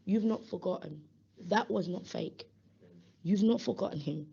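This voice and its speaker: A woman's voice: mid-range voice, moderate pace, gravelly, husky. A woman giving a safeguarding talk, telling stories and acting out bits of dialogue. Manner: lively storytelling, acts out dialogue with laughs. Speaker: safeguarding speaker. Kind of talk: animated talk at a webinar. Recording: muffled lo-fi audio.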